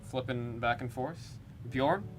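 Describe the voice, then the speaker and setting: Over background music, a live card break host talks at a slow pace in a medium-pitched voice, with some background noise in the recording. He chats loosely and wanders off topic, stopping to name each card he pulls.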